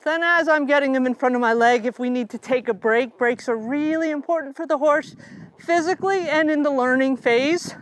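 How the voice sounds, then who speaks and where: A middle-aged woman riding instructor explaining calmly while riding, talking to her horse now and then. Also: high-pitched, normal speed. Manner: calm, coaching, talks to the horse between explanations. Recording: noisy outdoor recording.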